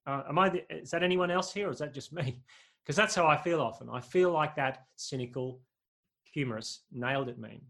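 A man's voice: fairly high pitch, moderate pace, a bit bright. A man preaching a sermon, conversational and humorous, often asking the congregation questions.

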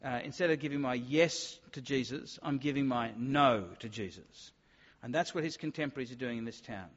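A man's voice: mid-range voice, a little fast. A man preaching a sermon, emphatic, sometimes acting out the voices of doubters. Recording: dull sound with long hall reverb.

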